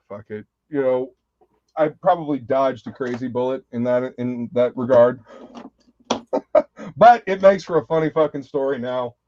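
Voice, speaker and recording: A man's voice: medium pitch, a little slow, pauses often, a little mellow, a little hiss or hum. A man hosting a casual live chat, telling rambling, profane stories and laughing often. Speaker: host. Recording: dull, dry lo-fi sound.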